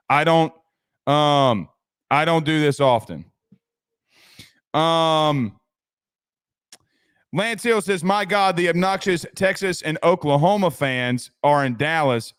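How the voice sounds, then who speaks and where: With a fairly high, slightly bright voice and clean audio, a man hosts a sports podcast. He reads viewers' comments and talks casually, often restarting and dropping casual swear words.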